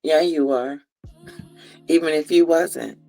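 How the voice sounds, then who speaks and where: Very low, slow-talking woman co-host. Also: creaky, mellow, soft background music. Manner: laid-back, agreeing, laughs often. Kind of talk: casual chat.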